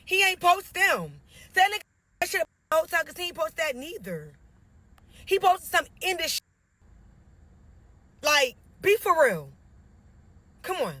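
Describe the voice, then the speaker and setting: A woman's voice: extremely high pitch, big pitch swings, measured pace, pauses often, bright, forceful tone, no room sound. A woman telling her side of a dating story in a casual, indignant rant, reading messages aloud.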